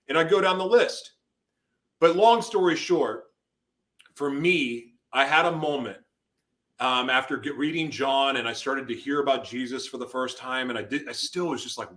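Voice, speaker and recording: A man's voice: mid-range voice, normal speed, pushed and bright. A man in an interview telling an intense personal testimony, his voice rising into sudden emotional outbursts. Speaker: guest.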